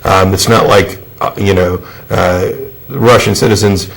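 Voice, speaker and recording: A man hosting a studio discussion show, speaking in a measured, thoughtful way with frequent fillers. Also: low voice, steady tone, gravelly, rough recording. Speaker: show host.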